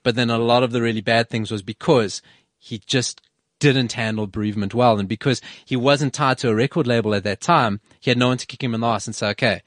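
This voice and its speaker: A man hosts a relaxed radio chat, rambling along with fillers and restarts. His voice sits at an ordinary pitch. The recording is dry and close. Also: quick pace, no echo. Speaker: radio host.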